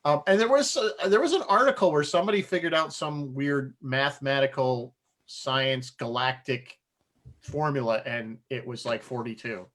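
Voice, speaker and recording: Man, podcast co-host, loose rambling storyteller, quick to laugh. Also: mid-range voice, fairly bright tone. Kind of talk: casual chat.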